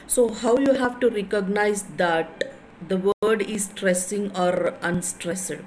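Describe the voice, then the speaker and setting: Slow-paced Indian woman teaching English. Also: mid-range voice, a little mellow, slight background noise, rough recording. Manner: repeats key phrases, spells words letter by letter. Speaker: lecturer in English. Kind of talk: classroom lecture.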